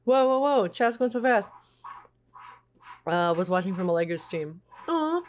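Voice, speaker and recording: A woman's voice: medium pitch, lively intonation, a little slow. A woman streaming live, chatting casually and reading out viewers' messages. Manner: chatty, reads chat aloud.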